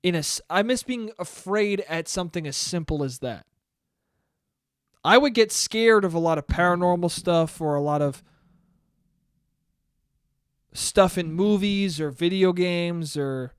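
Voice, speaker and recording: Brief: young male podcaster, smooth clear voice, rambling and sweary, telling stories to himself. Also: high voice, moderate pace, no echo, studio quality. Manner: rambling, profane, jokey, with many restarts. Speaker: podcast host. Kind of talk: solo podcast monologue.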